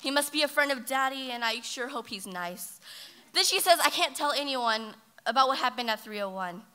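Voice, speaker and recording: Teenage girl, spoken word performer, high and bright, dramatic loud-to-hushed delivery. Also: expressive, moderate pace, clean tone. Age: teens. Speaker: high school slam poet. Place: ballroom stage.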